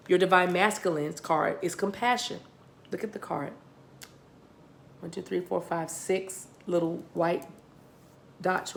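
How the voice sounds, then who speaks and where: A woman's voice: on the low side, creaky. An American woman giving a spiritual card reading, talking directly to viewers, repeating and restarting her words. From United States. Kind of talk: tarot-style card reading.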